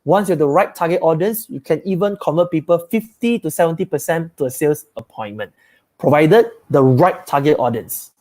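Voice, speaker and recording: A man's voice: on the high side, animated, a little fast, darkish tone. A man, giving a live sales training talk as a coach. He is upbeat and emphatic and repeats his key phrases.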